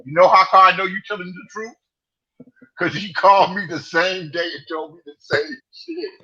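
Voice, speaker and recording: Older guy on a dull lo-fi stream, kinda husky, teasing and going oh boy a lot. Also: sits high, animated, moderate pace, bright, forceful tone. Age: middle-aged. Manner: teasing, exclaiming, repeats himself. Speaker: livestream commentator. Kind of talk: casual online chat. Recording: slightly dull lo-fi stream audio.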